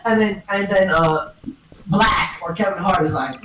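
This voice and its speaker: A woman's voice: mid-range voice, measured pace, reverberant, far from the mic, background noise. A young woman giggling her way through a rambling, comic retelling of a film to friends. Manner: giggling, breaking into character voices. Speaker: storyteller.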